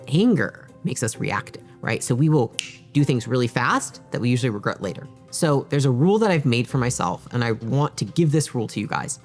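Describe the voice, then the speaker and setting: A woman's voice: extremely low pitch, a little mellow. A woman who founded a business, talking straight to camera and coaching viewers in a direct, emphatic way. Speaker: business founder giving advice. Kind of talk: direct-to-camera advice talk. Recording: faint background music.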